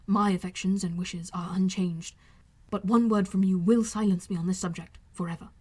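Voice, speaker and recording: A woman voicing an earnest, remorseful gentleman. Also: fairly low pitch, steady tone, moderate pace, slightly rough. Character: proud reserved young gentleman, earnest and remorseful. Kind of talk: audiobook character reading.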